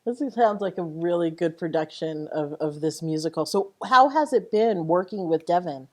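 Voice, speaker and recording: A woman's voice: lowish voice, lively intonation, moderate pace. A woman hosting a TV interview and asking brief, friendly questions. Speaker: TV show host.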